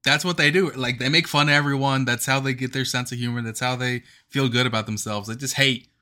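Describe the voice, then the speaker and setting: A man's voice: medium pitch, fairly even intonation, a little fast, sharp tone. A man in his twenties co-hosting a podcast, talking in a passionate, rambling, emphatic way in casual sports chat. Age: 20s. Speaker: podcast co-host.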